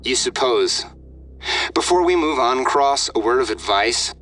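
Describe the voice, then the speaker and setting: A man's voice: mid-range voice, expressive, unhurried, fairly bright tone, recorded from a distance, pitched above the performer's own voice. A man voicing an unhinged, sneering male hostage-taker who swings from sarcasm to screaming. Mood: mocking.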